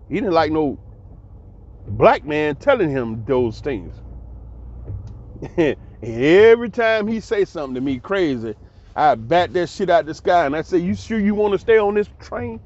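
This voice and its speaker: A man's voice: fairly high pitch, a little mellow, dull audio. A man, giving a heated, preachy monologue that repeats itself. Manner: preachy, ranting, repetitive. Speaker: commentary channel host.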